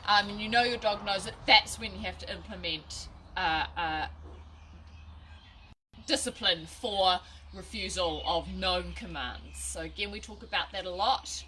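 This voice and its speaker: Woman, dog trainer, bright tone, chatty live lesson, faint background noise. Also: mid-range voice, unhurried. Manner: chatty, laughs at own slips, many restarts. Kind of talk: casual instructional live video. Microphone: phone or camera at a short distance.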